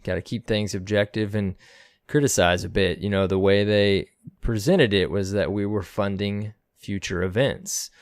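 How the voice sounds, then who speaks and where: Lower-voiced male co-host, animated and laugh-prone, dry mic. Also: normal speed, clean tone, no room sound. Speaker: podcast co-host. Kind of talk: casual gaming podcast chat.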